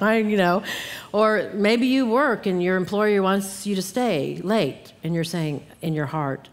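A woman's voice: fairly low pitch, normal speed. A middle-aged woman giving an earnest Bible teaching talk at a conference, acting out grumbling asides as she goes. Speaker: conference speaker. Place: church hall. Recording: long hall reverb.

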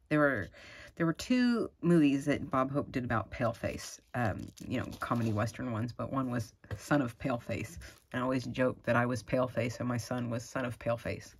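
A middle-aged woman, chatting casually and gushing excitedly as she opens craft mail at home. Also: rumbling low, breathy edge. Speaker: crafting vlogger. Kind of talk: casual unboxing chat.

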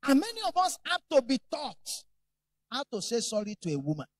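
Animated preacher with a lively voice. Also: male voice, very high-pitched, brisk, no echo. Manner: animated, humorous storytelling. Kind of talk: sermon.

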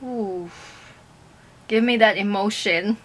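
A woman's voice: medium pitch, slow. A young woman reacting to a music video in a casual chat to camera, emotional and gushing, with lots of fillers.

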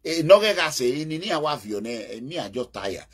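This fairly high, slightly rough male voice swings widely in pitch at a moderate pace. He is a Nigerian political commentator with an Edo accent, ranting casually but forcefully about politics. Pidgin slips into his speech, and he breaks out into calls and chanting.

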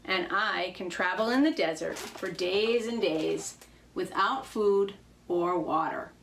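A woman's voice: lowish voice, slow, vocal fry, slight background noise, low-quality recording. A woman voicing a boastful, chortling camel in a storybook fable. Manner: chuckling, boastful.

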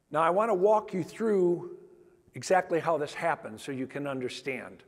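A man's voice: on the high side, normal speed. A man on stage at a conference, telling heartfelt stories in an emphatic storytelling style and acting out the quoted dialogue. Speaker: conference speaker. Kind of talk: storytelling keynote talk. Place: large conference hall. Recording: long hall reverb.

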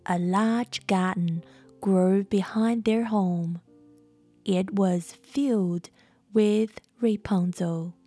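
A woman reads a fairytale aloud at a very slow, soothing bedtime pace. Soft music plays quietly behind her. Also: medium pitch, breathy edge. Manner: very slow, gentle pacing. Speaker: storyteller. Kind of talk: slow bedtime story narration.

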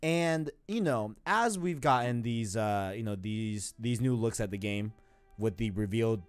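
A young man in his twenties hosts a gaming podcast in easy, rambling chat, dropping slang as he goes. His voice sits low, with a faint New York accent. Soft music plays faintly underneath. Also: a little slow, clean tone, dry recording, studio quality. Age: 20s. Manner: laid-back, slangy, rambling. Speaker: podcast host.

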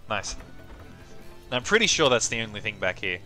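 A man's voice: fairly low pitch, big pitch swings, brisk, sharp tone. Offhand, swearing game streamer man. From Australia. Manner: swearing, offhand, self-mocking. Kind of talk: casual live-stream commentary. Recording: faint game music behind.

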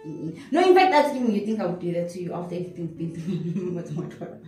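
A young woman with a South African accent, telling her personal story in an interview, animated and switching in and out of isiZulu. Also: on the low side, quick pace. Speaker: interview guest. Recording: echoey room, voice from a distance, faint music.

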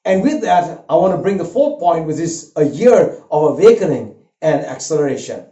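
An older man preaching a sermon, an earnest and animated storyteller who weaves a personal story into his message. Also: on the high side, moderate pace. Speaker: pastor. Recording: roomy, dull lo-fi sound.

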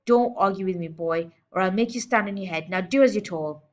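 A woman's voice: mid-range voice, a little fast, lightly acted. A woman putting on a barking, scornful giant headmistress. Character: huge bullying female headmistress, scornful. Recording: dull lo-fi recording.

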